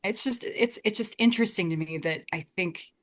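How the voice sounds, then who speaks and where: With a mid-range, fairly quick voice, this young American woman speaks earnestly about Shakespeare as a guest in a relaxed interview, frequently starting her sentences over.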